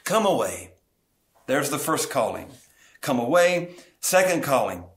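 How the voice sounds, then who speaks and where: Earnest pastor preaching a slow sermon. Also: male voice, medium pitch, very animated, a bit bright.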